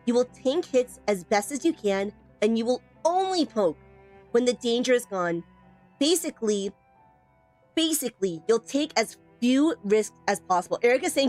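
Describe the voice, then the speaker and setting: A woman streaming a game tutorial, teasing and emphatic, repeating points and answering chat. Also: fairly high pitch. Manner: playful, teasing, emphatic with repetition. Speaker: streamer teaching a game weapon. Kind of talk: live stream tutorial, chatting with viewers.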